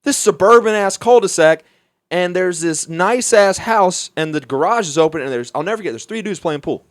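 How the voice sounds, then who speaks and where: A young man from Alabama, a comedian guest telling a story in a profane, animated way, laughing as he goes. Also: high-pitched, moderate pace, no echo, studio quality. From Mobile, Alabama, US. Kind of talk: casual storytelling.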